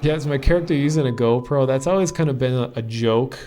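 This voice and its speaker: A man from Minnesota with a Minnesotan accent, chatting through a live game stream. He rambles in a loose, filler-heavy way, his voice sitting at an ordinary middle pitch. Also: brisk, dark tone, a little hiss or hum. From Minnesota, USA. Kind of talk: casual live stream commentary.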